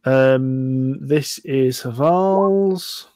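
A man narrating a tabletop role-playing game as game master, chatty and quick to laugh, recorded over a voice call. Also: mid-range voice, a little mellow.

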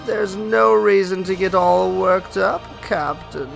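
A man's voice: high-pitched, slow pace, vocal fry, faint music behind, pitched above the performer's own voice, heavily acted, poor audio. A man reading the lines of a scheming female pirate captain in a game, in a theatrical, imperious way. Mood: defiant. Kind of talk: let's play dialogue reading.

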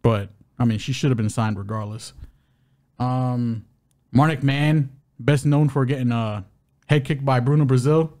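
A man's voice: mid-range voice, steady tone, a little slow, a little mellow. A man co-hosting a podcast, previewing fights in a loose, joking way and stumbling over names. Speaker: co-host of a fight-betting podcast.

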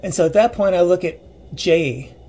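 A man telling a personal ghost story in a casual, earnest way, pausing and restarting as he recalls the details. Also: high-pitched, dark tone. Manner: earnest, halting retelling with restarts and vivid detail.

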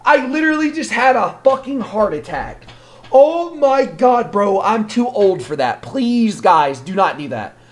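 A man streaming a video game, talking in crude, mock-aggressive trash talk that bursts into shouting. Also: high voice, big pitch swings, unhurried. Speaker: gaming streamer.

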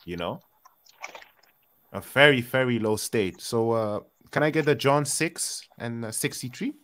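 Relaxed man running a Bible study, plain voice, easygoing. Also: medium pitch, measured pace. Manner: laid-back, calls for verses, says "you know, man". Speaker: leader of the scripture study session. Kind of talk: casual religious discussion.

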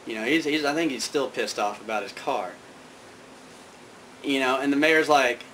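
A man spins a long, loose story in an everyday voice of middle pitch. He rambles, doubling back and padding with fillers as he goes. Faint noise sits behind him. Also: brisk, pushed and bright, rough recording. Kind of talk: casual spoken anecdote.

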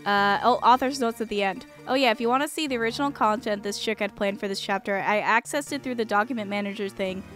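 A woman's voice: medium pitch, quick pace, hardly any pauses, fairly bright tone, faint music behind. A woman streamer reading a fan fiction aloud, breaking off for dry, mocking asides. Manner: dry, mocking asides between read passages.

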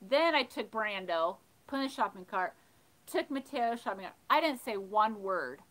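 A woman hosting a livestream, casually telling funny stories and reading chat, animated and laughing. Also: medium pitch, moderate pace, poor audio. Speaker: livestream host of a thrifting channel. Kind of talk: casual storytelling while reading live chat.

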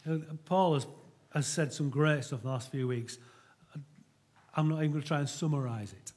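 A man's voice: a little high, normal speed, a little mellow. A middle-aged man preaching a sermon to his church in an earnest, conversational way, often restarting his sentences.

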